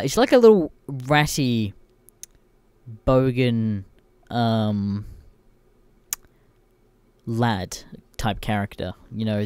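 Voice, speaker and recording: A man's voice: lowish voice, a little mellow, clear, resonant tone, no room sound. Aussie bloke ranting on his podcast, swears nonstop, dry close sound. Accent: Australian. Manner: swears constantly, blunt and irreverent. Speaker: podcast host. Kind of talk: casual ranting storytelling.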